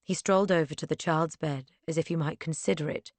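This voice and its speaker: Low-voiced woman narrating an audiobook. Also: fairly even intonation, a little fast, dry recording. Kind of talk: first-person audiobook narration.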